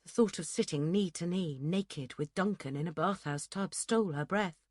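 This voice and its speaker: Low, dry-voiced woman narrating. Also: moderate pace, a little mellow, no echo. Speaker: audiobook narrator. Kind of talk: scripted narration.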